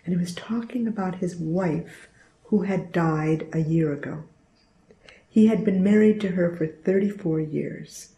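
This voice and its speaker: A woman's voice: medium pitch, warm tone. An older woman telling a personal story in an earnest, reflective, plainspoken way. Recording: roomy echo.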